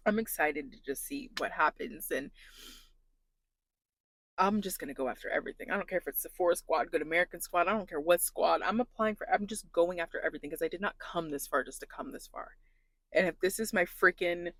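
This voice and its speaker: A woman's voice: lowish voice, no echo. A young adult woman talking in a casual confessional vlog, earnest and emotional, saying "like" a lot. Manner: earnest, emotional, heavy use of "like". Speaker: plus-size influencer vlogger.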